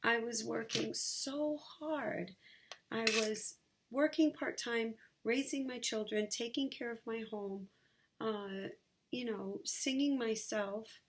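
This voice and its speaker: A woman vlogging from her sunlit bedroom, sharing a personal story in a candid, halting way with many fillers. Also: on the high side, a little hiss or hum.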